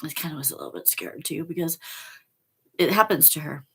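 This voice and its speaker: A middle-aged woman hosting a spiritual vlog, talking softly and slowly with emotional pauses. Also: sits low, very animated, vocal fry, husky. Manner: slow, soft and emotional, reads aloud with pauses. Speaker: channel host reading oracle cards.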